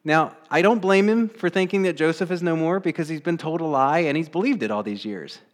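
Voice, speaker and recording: A man's voice: fairly high pitch, fairly quick. Conversational male pastor preaching a sermon. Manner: conversational, asks the congregation rhetorical questions; acts out quoted voices with bursts of energy.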